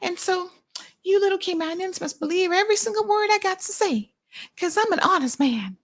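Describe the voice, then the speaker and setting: A woman's voice: extremely high pitch, expressive, brisk, pitched above the performer's own voice. A woman voicing a boastful older American man who acts like a smug con artist. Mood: smug boasting. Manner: boastful, mocking.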